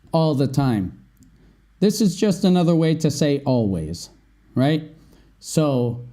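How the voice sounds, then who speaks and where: A man with a warm voice on the high side hosts an English-learning podcast as a teacher, going through vocabulary words. He explains slowly and often checks in with "right?".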